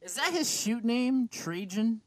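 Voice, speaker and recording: A man's voice: extremely high pitch, lively intonation, a little slow, dry recording. A man co-hosting a casual podcast, rambling with many restarts and some swearing. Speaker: podcast co-host. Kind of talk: casual wrestling chat.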